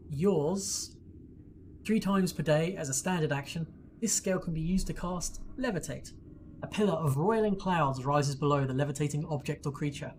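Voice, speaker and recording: A man running a tabletop game, casually reading item rules and scene details. His voice sits slightly high. A steady hiss runs under the stream audio. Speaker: game master.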